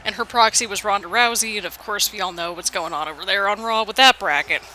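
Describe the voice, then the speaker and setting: A woman's voice: mid-range voice, fast talker, pushed and bright, slight background noise, low-quality recording. A woman casually commenting play-by-play over a video game at home, rambling and poking fun at her own slip-ups. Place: home apartment.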